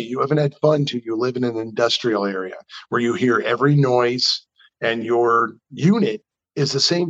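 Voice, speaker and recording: Animated New storyteller man. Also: mid-range voice, lo-fi sound. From New York. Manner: animated, chatty storyteller who acts out quotes. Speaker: custom car builder. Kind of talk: storytelling in an interview.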